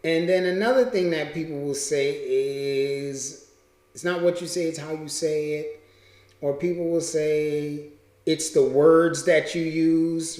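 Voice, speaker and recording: A man's voice: a little high, a little mellow. A man talking casually in a vlog, repeating his points and tagging lines with "right?". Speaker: vlogger. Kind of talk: casual monologue to camera. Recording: roomy echo.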